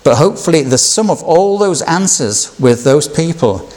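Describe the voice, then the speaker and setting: A man delivering a sermon in a fairly high voice. He teaches in a slow, measured, reflective way, pausing over each scripture he reads out. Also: expressive, a little mellow. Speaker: preacher.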